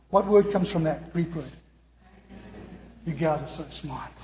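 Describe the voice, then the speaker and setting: A higher-voiced man preaching a sermon and often turning questions back to his congregation. His voice rings through a large echoey hall with a long tail of reverb. He keeps it animated, stretching some words out slowly for weight. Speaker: pastor.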